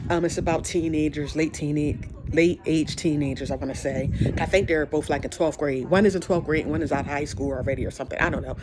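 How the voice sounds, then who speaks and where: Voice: medium pitch, quick pace. A podcast host giving a casual, heartfelt encouraging monologue, rambling and repeating phrases, saying y'all. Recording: steady background noise.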